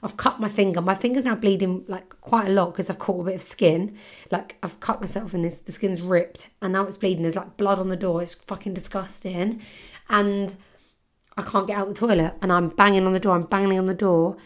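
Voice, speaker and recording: A woman's voice: mid-range voice, fairly even intonation, a little fast. A young woman hosts her podcast alone and tells a story in loose, chatty speech. She swears freely and leans on filler words, with the easy pace of someone talking to friends. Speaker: podcast host. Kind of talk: casual storytelling monologue.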